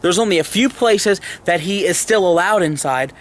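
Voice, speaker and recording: A man's voice: high-pitched, animated, moderate pace. Blunt man narrating a vlog. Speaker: host and narrator.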